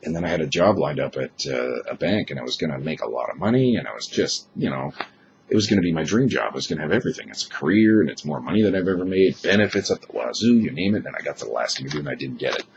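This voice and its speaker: A young man talks to camera in a casual, rambling way, frank and quick to swear. A chest cold has pushed his voice extremely low and thick. The audio is dull and lo-fi, with a faint hiss underneath. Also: expressive, vocal fry. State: chest cold, unusually deep voice. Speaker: vlogger. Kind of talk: casual vlog monologue.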